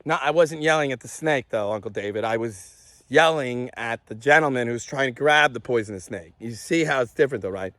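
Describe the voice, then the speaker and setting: A man's voice: medium pitch, a little fast, dry recording. A man telling an agitated personal story to camera, swearing and acting out what others said. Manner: agitated, animated, swearing, acts out others' lines. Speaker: vlogger.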